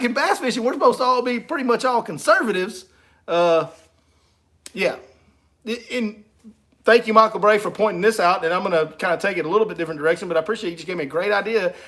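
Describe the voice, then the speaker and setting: Joking fishing guide on livestream. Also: male voice, sits high, sharp tone. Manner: joking, teasing and laughing between lines. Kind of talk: casual livestream chat reading comments.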